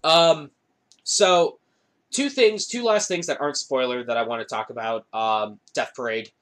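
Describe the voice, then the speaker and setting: A man's voice: medium pitch, unhurried, a bit bright. A man co-hosting a podcast in casual chat, blunt and playfully opinionated, swearing freely. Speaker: podcast co-host.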